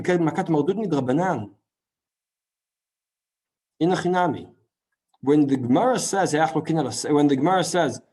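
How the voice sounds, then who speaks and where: A man teaching a Talmud class in a lively lecture style, full of rhetorical questions and quick asides. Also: fairly high pitch. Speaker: Torah teacher.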